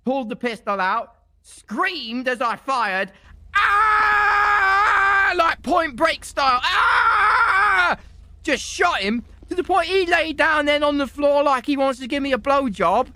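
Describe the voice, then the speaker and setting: A man role-playing a defendant giving rambling, excitable testimony in a game courtroom, with sudden shouted outbursts. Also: very high-pitched, normal speed, no room sound. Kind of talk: in-character game role-play.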